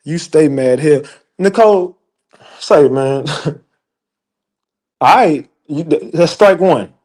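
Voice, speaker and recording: A man with a fairly high, a little mellow voice speaks very slowly yet expressively. As a livestream commentator, he delivers a heated rant straight to his chat, profane and emphatic.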